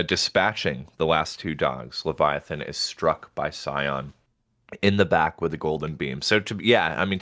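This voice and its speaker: A man with an extremely low voice talks through a book chapter on a livestream. He keeps it loose and chatty, with the odd casual swear. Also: a bit bright. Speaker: podcast co-host.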